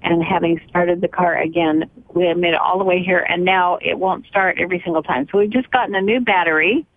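An older woman co-hosting a radio show, chatting lively about family life. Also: lowish voice, a little fast, slight background noise. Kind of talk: casual radio chat. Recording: dry, narrow phone-like radio sound.

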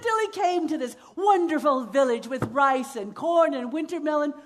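A woman's voice: sits high, moderate pace, hardly any pauses. A woman telling a folktale to families, full of sound effects and playful asides. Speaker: storyteller. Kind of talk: lively oral storytelling for families.

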